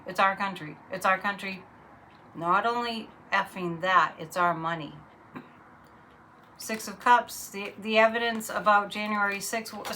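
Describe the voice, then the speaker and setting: A woman's voice: medium pitch, pushed and bright, a little hiss or hum, low-quality recording. A woman reading tarot cards in a casual, blunt, chatty monologue. Her voice rises sharply when she is incredulous. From Massachusetts. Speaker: psychic reader.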